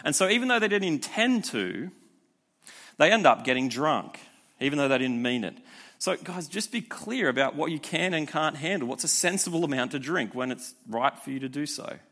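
A young man giving a youth sermon in a conversational, energetic way, with frequent rhetorical asides. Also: on the high side, moderate pace. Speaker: youth pastor.

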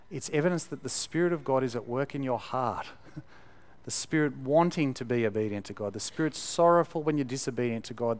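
Man preaching conversationally. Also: medium pitch. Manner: conversational, emphatic, with fillers and repeated words. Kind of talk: sermon.

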